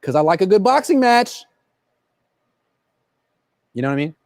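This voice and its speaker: A man's voice: high voice, very animated, moderate pace, darkish tone, dry recording. A man hosting a casual sports livestream from a football stadium, joking and rambling as he answers viewer questions into a laptop mic. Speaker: sports reporter and host. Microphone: laptop built-in camera mic.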